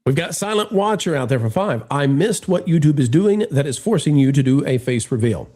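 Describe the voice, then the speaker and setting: Lively joking man hosting a live stream. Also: a little high, fairly quick. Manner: animated, joking, addresses viewers directly. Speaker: livestream host. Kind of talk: casual live-stream chat.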